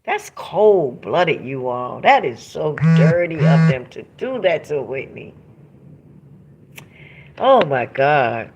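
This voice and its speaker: A woman hosting a casual live stream from home, reading viewer comments aloud and talking straight to her audience in an emphatic, animated way. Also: low-pitched, takes it slowly, heavy background noise.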